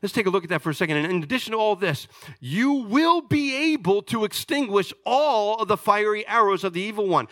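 A male pastor delivers a sermon in a high, bright voice. He explains patiently, rising to loud emphasis and dropping to quiet, low asides. The sound is dry and close. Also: very animated, fairly quick, dry recording.

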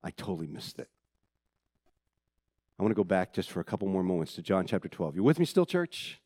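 Animated preacher man, dry close sound. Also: low voice, fairly quick, no echo. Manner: dramatic, swinging between loud excitement and hushed intensity; conversational asides to the congregation. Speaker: pastor. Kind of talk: sermon.

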